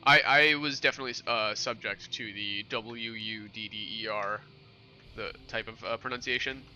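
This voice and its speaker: Over lo-fi sound with a bit of hiss or hum, a young man from New York streams a game and casually rambles to his viewers, answering what they ask. His mid-range voice is bright and forceful, moving at a normal speed.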